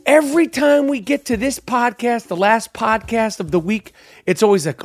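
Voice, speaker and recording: A man in his forties hosting a podcast, ranting loudly and cursing often in an exasperated monologue. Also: high voice, moderate pace, dry recording. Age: 40s. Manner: loud, cursing, exasperated rant. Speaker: podcast host.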